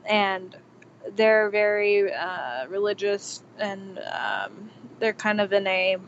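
A woman's voice: medium pitch, takes it slowly. A woman hosts a casual chat, reacting bluntly and hesitating over her own story. Her sound is dull and lo-fi, with a faint hiss behind it.

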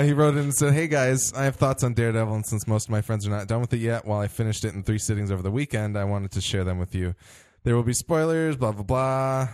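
Lower-voiced man hosting a podcast. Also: a little mellow, no room sound, clean studio sound. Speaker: podcast host. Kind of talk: casual podcast chat, reading listener mail.

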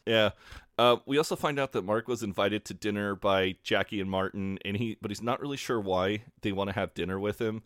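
A man's voice: lowish voice, brisk, fairly bright tone, dry recording, clean studio sound. A man co-hosting a podcast, recapping episodes from his notes in a laid-back, chatty way and laughing often. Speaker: podcast co-host. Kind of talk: casual podcast recap chat.

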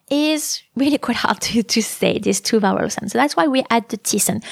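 A woman hosts a language podcast lesson in a slightly high voice. She explains thoughtfully, pausing on fillers and restarting sentences. The recording is close and dry. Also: creaky, dry recording. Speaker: French language podcast host.

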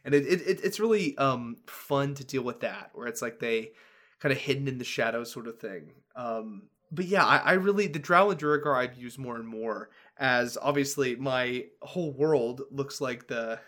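A man's voice: mid-range voice, animated, moderate pace, a bit bright. A man hosting a casual tabletop-gaming podcast, talking with enthusiasm and laughing often as he chats with his co-hosts. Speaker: podcast host and dungeon master.

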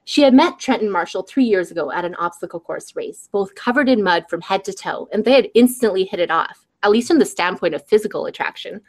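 A woman author on a show, reading aloud from her own novel in a lively, chatty way. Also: medium pitch, a little fast, hardly any pauses. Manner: lively, chatty, laughs between passages. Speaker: guest author.

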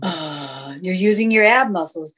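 Speaking a little slowly in a fairly low, expressive, slightly bright voice, a woman guest explains sound healing during a casual interview. She is encouraging and flowing, and she demonstrates chanted tones. The audio is poor.

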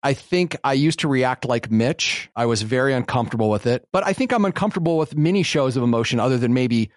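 A man's voice: mid-range voice, expressive, fast talker, no room sound, studio quality. A man in his forties from Western South Dakota, a podcast co-host chatting casually and rambling a little, joking at his own expense. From Western South Dakota, USA. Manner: rambling and self-deprecating, jokes about himself. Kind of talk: casual chat.

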